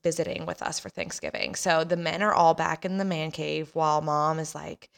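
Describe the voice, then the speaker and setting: A woman's voice: sits low, animated, normal speed, vocal fry. Chatty woman telling a story. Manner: chatty, laughing, acts out voices. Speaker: podcast host telling a story. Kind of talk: casual storytelling.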